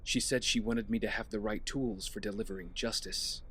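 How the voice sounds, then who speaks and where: A man voicing an earnest young male archer hero who speaks plainly and shouts when pushed. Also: fairly low pitch, steady tone, moderate pace, a little hiss or hum, natural voice. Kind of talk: fan audio drama.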